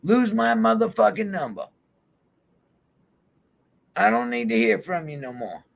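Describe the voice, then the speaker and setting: A man's voice: high voice, very animated, unhurried, vocal fry. A man on a vlog in a heated, swear-filled rant, calling people out directly. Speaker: YouTube vlogger. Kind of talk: angry profane rant to camera. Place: van.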